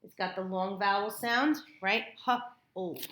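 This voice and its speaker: A woman tutoring a child in phonics one-on-one, patient and encouraging, repeating words slowly in a classroom. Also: medium pitch, a bit bright. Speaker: reading tutor. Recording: echoey room, faint noise.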